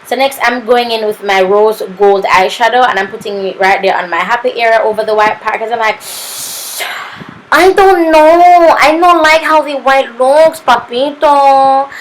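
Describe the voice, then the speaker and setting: A woman's voice: medium pitch, a bit bright, a little hiss or hum, poor audio. A young woman with a Jamaican accent narrating a makeup tutorial, sassy and playful, tossing in "honey" and "papito" as she goes. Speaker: makeup artist.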